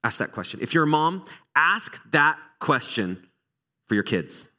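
With a slightly high voice and a measured pace, a middle-aged pastor delivers a sermon in a conversational tone. He relates personal anecdotes with animated, candid, self-deprecating energy.

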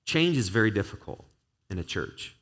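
Man, pastor, low-pitched voice, earnest conversational sermon, prayerful. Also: very animated, normal speed, a bit bright.

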